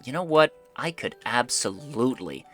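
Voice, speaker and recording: A young man talks his way through a building session, rambling and correcting himself as he goes. His voice is bright and forward, mid-pitched. Faint music plays under him. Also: animated, moderate pace. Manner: rambling, self-talking, easily startled. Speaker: gaming YouTuber. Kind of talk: casual gameplay commentary.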